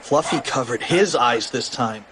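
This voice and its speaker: A man narrating a children's audiobook in an animated, expressive read. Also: medium pitch, unhurried, background noise.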